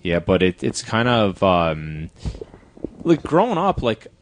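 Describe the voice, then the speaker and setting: A low-voiced man with a Chicago accent rambles through casual podcast talk, a little drunk. He trails off often and fills gaps with filler words. His tone stays loose and unhurried. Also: sing-song, slight background noise. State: tipsy from drinking. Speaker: podcast co-host and musician. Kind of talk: casual chat.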